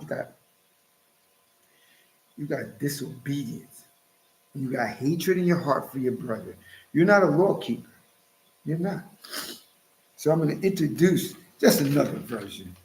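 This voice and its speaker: A man's voice: medium pitch, expressive, normal speed, pauses often, darkish tone. A man hosting his own channel, preaching emphatically and scolding his listeners as he cites scripture. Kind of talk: preaching commentary. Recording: roomy echo.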